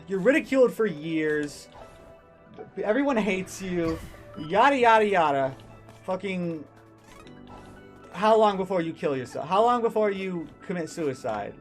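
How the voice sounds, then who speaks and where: A male streamer ranting angrily and profanely, stumbling over his words and restarting. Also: high-pitched. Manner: heated, profane, stammering restarts. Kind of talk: angry ranting commentary.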